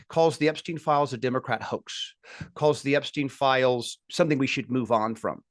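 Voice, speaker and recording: A man's voice: medium pitch, dry recording. Emphatic man, dry commentary monologue. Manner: emphatic, indignant, lists grievances in rising bursts. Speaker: political commentary show host.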